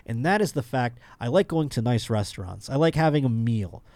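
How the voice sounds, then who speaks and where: A man's voice: mid-range voice, lively intonation, fairly quick, darkish tone, no echo. A man hosting a comedy podcast, rambling through news stories with crude jokes. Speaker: podcast host. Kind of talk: casual comedic chat.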